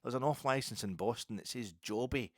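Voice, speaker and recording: A Scottish man talking in a rambling, sweary casual monologue as a football podcaster, with loud bursts. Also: mid-range voice, fairly quick, dry recording, studio quality.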